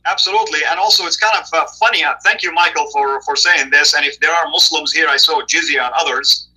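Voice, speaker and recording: A man's voice: on the high side, quick pace, bright, forceful tone, slightly rough, low-quality recording. A man appearing as a guest on a live discussion, answering questions in an assertive, emphatic way. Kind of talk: apologetics debate talk.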